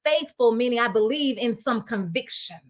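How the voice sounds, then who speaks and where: A woman's voice: a little high, lively intonation, normal speed. A woman reverend and host preaching conversationally on a Bible passage, emphatic and colloquial, firing off rhetorical questions. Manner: colloquial, with repeated restarts.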